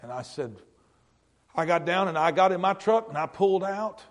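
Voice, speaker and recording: A middle-aged man, preaching a sermon as a pastor, telling a story earnestly with halting repeats and hushed moments. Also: high voice, expressive.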